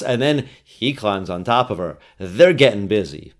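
A man co-hosting a casual movie podcast, recapping the plot in a relaxed way. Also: medium pitch, a little slow, hardly any pauses. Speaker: podcast co-host.

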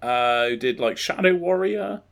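Man, gaming podcast host, slightly high, very lively pitch, casual. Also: a little slow, creaky. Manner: lively, swearing and laughing at his own slips. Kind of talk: casual chat, reading game news.

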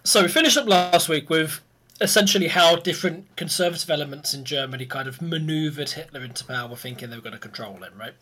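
A man hosting a history podcast, relaxed and quick to laugh as he walks through his points. His voice sits a little high for a man. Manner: easygoing, laughs often, explains step by step. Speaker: podcast host presenting history. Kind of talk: casual chat and history explanation.

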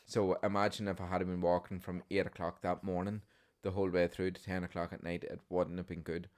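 Young man, very low voice, plain and unhurried, dry teasing. Laid-back podcast co-host. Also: little pitch movement, darkish tone. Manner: short agreeing replies, dry teasing. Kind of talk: casual chat.

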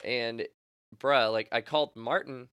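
A young man co-hosting a podcast, chatting casually and telling animated stories with lots of laughter and acted-out quotes. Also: medium pitch, a little slow, clear, resonant tone, no room sound. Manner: laughs often, animated storytelling with voiced quotes. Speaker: podcast co-host. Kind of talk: casual chat.

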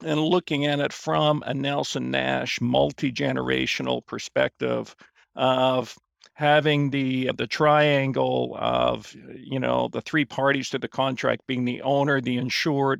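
A man's voice: mid-range voice, level tone, normal speed, creaky, dry recording, clean studio sound. A man in his fifties, a guest on a finance podcast, telling his story casually with lots of fillers and restarts. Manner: rambling, many fillers and restarts.

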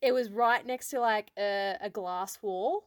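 A woman's voice: medium pitch, measured pace, slight background noise. A woman, co-hosting a casual chat and telling stories with frequent laughter. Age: 20s. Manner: giggly storytelling, laughs often. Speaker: podcast co-host.

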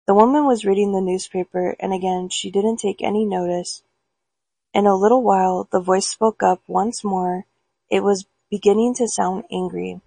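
Creaky husky woman reading stories. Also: medium pitch, fairly even intonation, normal speed, dark tone, no room sound, low-quality recording. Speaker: storyteller. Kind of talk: storybook reading aloud.

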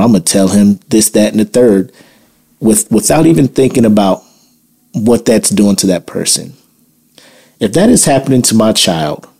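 A man's voice: on the low side, mellow, breathy edge. Blunt, heated man ranting on a podcast. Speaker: podcast host. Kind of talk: opinion monologue podcast.

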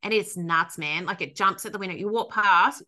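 Woman, Australian accent, dog trainer, casual podcast chat, bright voice. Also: medium pitch, moderate pace. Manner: animated storytelling, frequent laughter, loose swearing.

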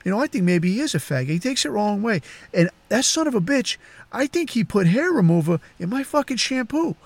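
A sly, scheming older man who mutters quietly and slips in his words quickly, as a man puts him on. The voice sits a little higher than the teller's own, in a dry, close sound. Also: very animated, dry recording, heavily acted. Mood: sly gossip. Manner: low conspiratorial mutter.

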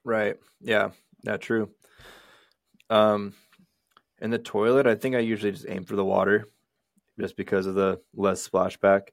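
A man's voice: lowish voice, level tone, unhurried, creaky, pauses often, no echo, clean studio sound. A man co-hosting a podcast, talking in a laid-back, rambling, crude way. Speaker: podcast co-host. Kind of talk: casual podcast chat.

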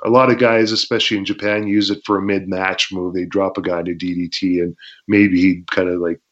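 Man with a low voice, animated storyteller who acts out shouts and crowd roars, muffled lo-fi recording. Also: fairly quick. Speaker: guest, former pro wrestler. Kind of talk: storytelling interview. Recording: dull lo-fi sound.

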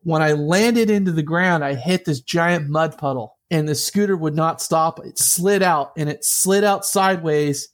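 A man and interview guest, telling a personal story in an animated way, often laughing and acting out the voices of others. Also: a little high, unhurried, few pauses. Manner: lively, laughing, acts out quoted voices.

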